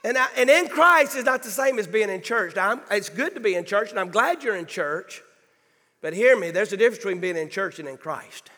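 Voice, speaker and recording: Male pastor, high bright voice, emphatic sermon delivery, church hall reverb. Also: animated, fairly quick. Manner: emphatic, calls for congregation responses. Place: church sanctuary.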